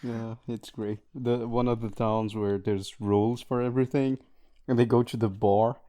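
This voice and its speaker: A man's voice: medium pitch, fairly even intonation, normal speed, mellow. A man in a casual podcast chat, making dry, joking asides.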